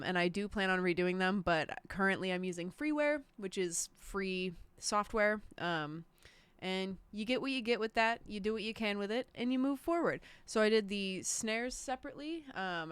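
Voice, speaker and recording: Smooth-voiced woman casually walking through her song. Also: mid-range voice, no echo. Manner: chatty, self-deprecating, swears freely. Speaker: musician streaming a production breakdown. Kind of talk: casual livestream walkthrough.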